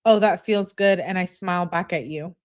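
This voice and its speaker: A woman reading aloud the messages of a young woman's role-play persona in a plain, flat voice. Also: fairly low pitch, moderate pace, natural voice. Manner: read aloud flatly.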